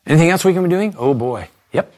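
A man preaching a sermon, reading quotations aloud and urging his listeners with animated emphasis. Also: a little high, fast, no room sound, studio quality. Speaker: pastor.

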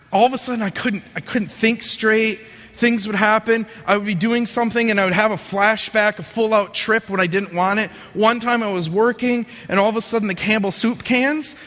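In a large hall, a young man with a high voice shares a personal testimony with an audience. He tells it earnestly and vividly, voicing his inner thoughts in lively quotes.

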